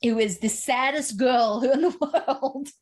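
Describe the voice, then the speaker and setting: A woman hosting a podcast, chatting casually and excitedly about horror films, with plenty of "like" and mild swearing. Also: high voice, slow pace. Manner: chatty, animated, swears for emphasis. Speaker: podcast host. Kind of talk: casual chat.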